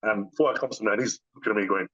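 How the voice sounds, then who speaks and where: A man's voice: on the low side, racing, no echo, muffled recording. A man being interviewed as a guest, speaking casually and telling stories with many restarts. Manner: animated storytelling, many restarts. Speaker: bodybuilder guest.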